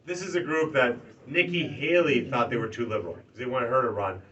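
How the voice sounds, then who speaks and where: A man, a political candidate, giving a campaign stump speech to a small crowd, swinging from loud rallying to hushed, earnest talk. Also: medium pitch, a little fast. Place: party office meeting room. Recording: distant lo-fi room recording, faint ambience.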